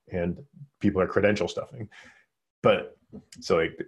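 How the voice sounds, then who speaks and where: An American man hosting a casual podcast over a video call, joking and talking in quick runs with restarts. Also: deep voice, fairly even intonation. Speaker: podcast host. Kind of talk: casual chat. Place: home, remote call. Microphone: video call recording.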